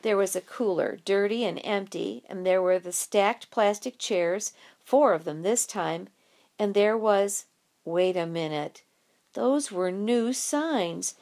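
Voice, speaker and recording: A woman narrating an audiobook in a lively, expressive storytelling way. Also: mid-range voice, a little slow.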